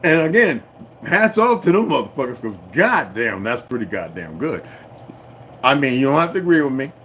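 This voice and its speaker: A middle-aged man hosts a casual livestream, talking straight to his viewers. His speech is loose and profane, broken by laughs and asides to chat. A faint hum of background noise runs under his mid-pitched voice. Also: big pitch swings, normal speed, fairly bright tone. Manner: profane, rambling, laughs often, talks to chat. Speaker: livestream host.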